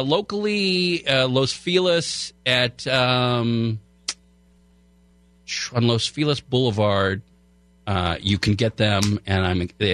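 A man's voice: mid-range voice, a bit bright, dry recording. Rambling man, dry studio voice. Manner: rambling, lots of fillers and restarts. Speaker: food show host, radio guest. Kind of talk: casual radio chat. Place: radio studio. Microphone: studio microphone.

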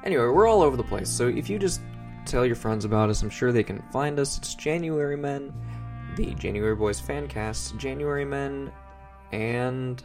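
A man's voice: mid-range voice, normal speed, darkish tone, faint music behind. A man co-hosting a comedy podcast, chatting casually and rambling as he recaps a show and stumbles over his words. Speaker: podcast co-host.

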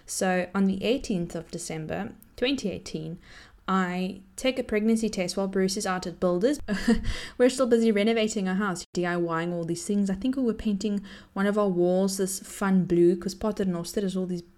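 A woman, telling a personal story to camera in a chatty, animated way and laughing often. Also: mid-range voice, moderate pace. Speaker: vlogger.

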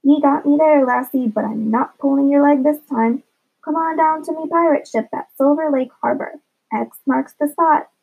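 Woman plays a scheming pirate captain in a storybook reading, jolly and drawling, high and gravelly, dull recording. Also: a little mellow. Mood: swaggering. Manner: pirate talk, slow drawl. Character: jolly scheming grown man pirate, gruff.

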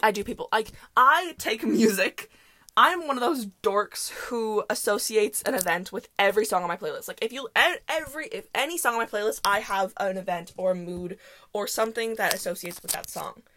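A woman's voice: mid-range voice, expressive, fairly quick, pushed and bright, slight background noise. A young woman hosting a podcast, telling a story in a rambling, chatty way full of fillers. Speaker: podcast host. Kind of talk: casual storytelling monologue.

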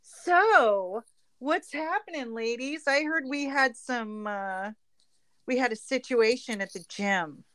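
High-voiced woman host, slow and playful. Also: expressive, a bit bright. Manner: playful, welcoming, laughs easily. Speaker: podcast host. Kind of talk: casual chat.

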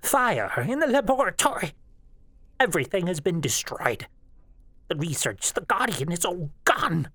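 A man voicing an elderly woman who reports urgent news in a high, alarmed voice. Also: sing-song, a little slow, bright, forceful tone, slightly rough, exaggerated voice.

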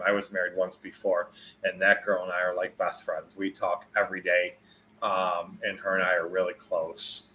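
A man in his forties talks to his viewers on a casual livestream. His voice sits a little low, with a faint hum of noise behind him. He rambles, swears without thinking, and gets loud when he tells a story. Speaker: livestreamer answering chat.

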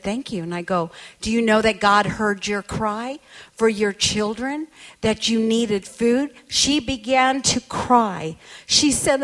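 A woman's voice: fairly high pitch, slow, a bit bright. A woman preacher telling a story in a sermon, emphatic and quoting people as she goes.

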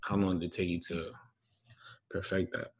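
A man's voice: low-pitched, flat delivery, moderate pace, breathy edge. A man as a podcast guest, asking questions in a casual, hesitant way with many fillers. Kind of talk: casual chat.

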